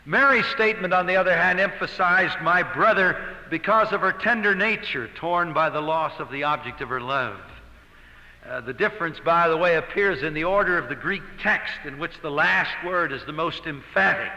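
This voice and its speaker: Man, preacher, bright cutting tone, earnest sermon delivery, long hall reverb. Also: a little high, moderate pace. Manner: earnest, emphatic, swells on key words. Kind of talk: expository sermon.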